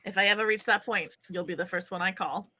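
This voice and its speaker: A woman voicing her player character Brian, a flower lover, speaking in a low-key, understated manner. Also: fast, bright, forceful tone, a little hiss or hum, close to an everyday voice. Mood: earnest.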